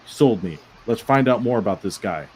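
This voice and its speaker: A man's voice: fairly low pitch, expressive, moderate pace, a little mellow, breathy edge, low-quality recording. Direct, coaching man on a panel. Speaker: panel judge. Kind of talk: casual online panel chat.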